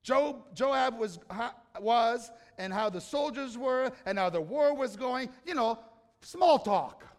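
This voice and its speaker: A man's voice: extremely high pitch, lively intonation, slow pace, long reverb tail. A man preaching a sermon in a conversational, joking way, often tossing questions to the congregation. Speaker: pastor.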